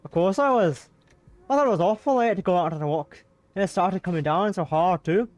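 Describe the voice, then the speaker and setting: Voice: medium pitch, a little fast, darkish tone, no room sound, natural voice. A streamer voicing a chatty, kindly middle-aged man with an attempted Glaswegian accent, in a visual novel read-aloud.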